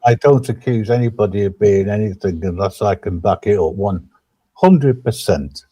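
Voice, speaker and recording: A man's voice: on the low side, normal speed, warm tone, breathy edge, no echo. Laid-back teasing male streamer. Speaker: stream co-host. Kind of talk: casual chat.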